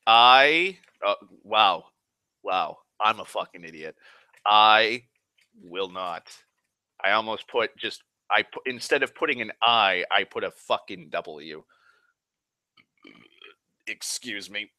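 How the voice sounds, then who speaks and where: Bright, rambling, profane man from Massachusetts. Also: lowish voice, a little slow, no echo. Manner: profane, rambling, self-mocking. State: drinking whiskey, tipsy. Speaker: livestream host. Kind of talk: rambling casual monologue.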